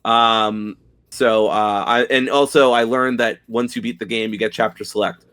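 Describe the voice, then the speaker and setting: A young man with a lowish voice chats on a casual gaming podcast. He talks loosely and enthusiastically, dropping casual swears as he gushes. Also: steady tone, normal speed, a bit bright, clear, resonant tone. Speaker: podcast co-host.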